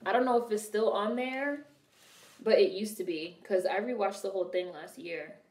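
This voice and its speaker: A woman's voice: mid-range voice, moderate pace, a little mellow, reverberant. A young woman casually commenting on a film during a live stream, swearing freely and answering her chat. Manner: chatty, swearing, reads and answers viewer chat.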